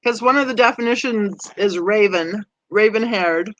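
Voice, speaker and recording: A woman hosting a true crime channel, chatting with viewers and reading their comments, conversational and quick to laugh. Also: medium pitch, a bit bright, dry recording, lo-fi sound. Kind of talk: livestream chat reading comments.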